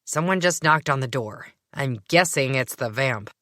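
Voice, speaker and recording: A woman's voice: very deep voice, animated, moderate pace, fairly bright tone, no room sound. A woman voicing a grumpy male household creature who grumbles and mumbles his words, in a dry recording.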